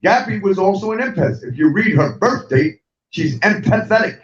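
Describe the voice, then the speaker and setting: A middle-aged man hosts an online talk show, angrily ranting with profanity and repeating himself as he addresses viewers directly in a heated livestream. His voice is high with lively intonation at a moderate pace. A distant mic gives the recording a dull, roomy sound.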